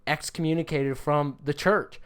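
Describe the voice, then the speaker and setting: A woman's voice: low-pitched, fairly even intonation, moderate pace, clear, resonant tone. A woman co-hosting a podcast, chatting casually with a sarcastic, joking manner. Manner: sarcastic, playful, jokey. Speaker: podcast co-host. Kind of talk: casual comedic chat.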